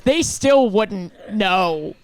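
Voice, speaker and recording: A woman's voice: mid-range voice, animated, extremely slow, very noisy. A woman co-hosting a podcast in casual, blunt, jokey chat, swearing freely. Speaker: podcast co-host.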